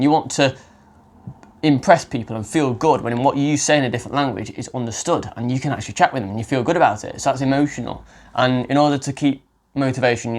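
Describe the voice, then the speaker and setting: A young English man, a language coach, giving casual spoken advice with a chatty, self-correcting manner and frequent restarts. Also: medium pitch. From England.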